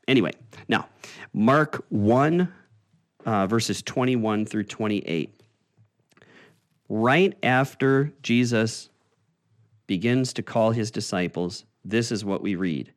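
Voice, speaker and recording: A man teaching a Bible study in a conversational, explaining way, often pausing with "uh" and restarting phrases. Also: fairly low pitch, animated.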